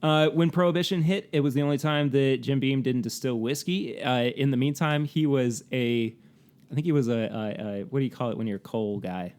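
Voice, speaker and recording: A man co-hosts a casual podcast, chatting his way through facts with lots of fillers and laughs. His mid-range voice is smooth and darkish, moving at a fairly quick clip.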